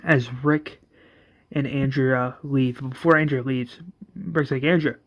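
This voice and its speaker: A man's voice: medium pitch, fairly even intonation, slow pace, muffled recording. A man casually retelling a story scene by scene, rambling with fillers and self-corrections. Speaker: narrator.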